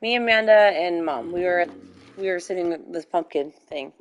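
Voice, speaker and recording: A woman's voice: fairly low pitch, normal speed, a little hiss or hum. A young woman chatting casually while playing a game, telling stories with lots of fillers and giggles. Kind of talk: casual chat while gaming.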